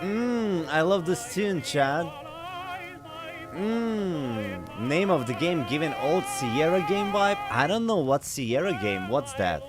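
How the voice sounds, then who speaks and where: A man's voice: a little high, sing-song, slow pace. A man giving casual let's-play commentary, chatty and easily amused. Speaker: game streamer. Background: faint game music.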